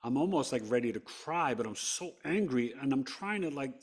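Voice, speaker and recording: A man from New York, a podcast guest, telling a personal story with big swings between hushed and loud delivery. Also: medium pitch, lively intonation, moderate pace, husky.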